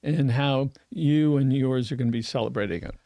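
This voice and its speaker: A man's voice: medium pitch, moderate pace, mellow, no echo. A man hosting an interview, asking friendly, rambling questions. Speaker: interview host. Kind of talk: conversational interview.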